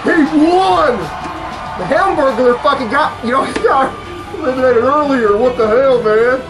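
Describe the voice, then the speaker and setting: A man hosting a reaction channel who yells, swears and laughs through his commentary, and whose voice is going hoarse. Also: extremely high pitch, unhurried. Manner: loud, profane, shouting and laughing often. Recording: wrestling video's music and crowd playing underneath. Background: music and crowd noise from the watched video.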